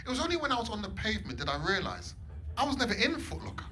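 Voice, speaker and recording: A man performing stand-up comedy in a comedy club, animated, swinging between loud bursts and low mutters. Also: very fast. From England. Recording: live club set with audience noise. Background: audience laughter.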